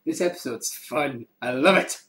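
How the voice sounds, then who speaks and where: A man co-hosting a casual show, making quick wisecracks. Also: medium pitch, a bit bright. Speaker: co-host. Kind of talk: casual podcast banter. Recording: echoey room with faint noise.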